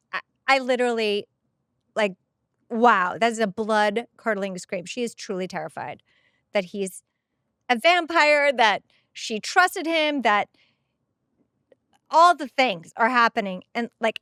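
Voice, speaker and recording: A middle-aged woman hosts a rewatch podcast, speaking into a headset mic with a voice that sits a touch high. She is openly emotional and animated in her commentary. The sound is dry and close, with no room around it. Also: a little slow, smooth, dry recording. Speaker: podcast host. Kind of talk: casual episode rewatch commentary.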